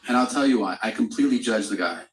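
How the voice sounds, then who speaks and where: A male comedian working a club stage, telling a story in a relaxed, chatty way and slipping into other people's voices for the punchlines. The sound carries the room around him. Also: lowish voice, fast, echoey room, a little hiss or hum, rough recording. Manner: conversational storytelling with crude humor and acted-out quotes. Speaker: stand-up comedian. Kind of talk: stand-up comedy set.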